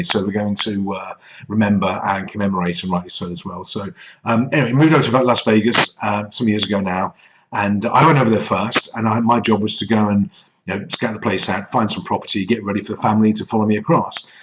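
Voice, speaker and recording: A middle-aged English man telling a rambling, self-deprecating anecdote as a business coach. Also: on the low side. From England. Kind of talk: casual anecdote. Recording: slightly dull lo-fi audio with faint noise.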